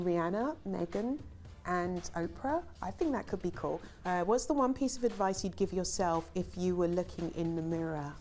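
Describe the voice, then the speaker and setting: A middle-aged woman, a film director, reads interview questions aloud and answers them in a chatty, rambling way with lots of ums and easy laughter. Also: fairly low pitch. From Ghana.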